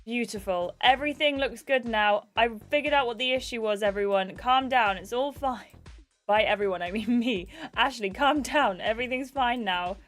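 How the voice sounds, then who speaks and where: A woman's voice: a little high, moderate pace, fairly bright tone, faint music behind. A woman livestreaming herself playing a game, chatting in scatterbrained asides with frequent giggles, speaking into a webcam setup at her desk. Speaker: gaming streamer. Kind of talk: live gameplay commentary.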